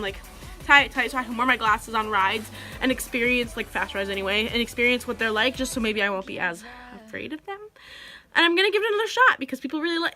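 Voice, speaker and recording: A woman's voice: a little high, sharp tone. A teenage girl telling a story to camera in a rambling, chatty way, full of "like.". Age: teenager, about 16. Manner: chatty, rambling, heavy use of "like". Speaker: vlogger.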